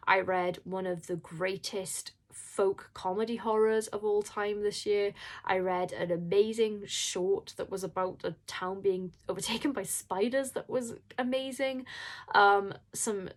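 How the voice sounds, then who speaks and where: Woman horror author vlogging to camera; emotional, rambling, keeps apologizing, mid-pitched voice. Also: steady tone, a little slow. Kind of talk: casual vlog talk.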